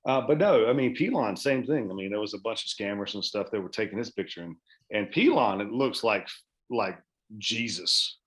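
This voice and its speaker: A man's voice: lowish voice, animated, normal speed, fairly bright tone. A man chatting casually as a podcast guest, rambling with many restarts and swearing freely. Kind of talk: casual chat.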